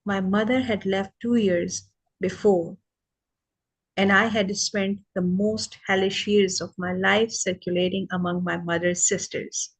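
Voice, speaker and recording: Woman reading aloud at a brisk pace. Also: medium pitch, fairly even intonation, husky, rough recording. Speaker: reader on a live reading.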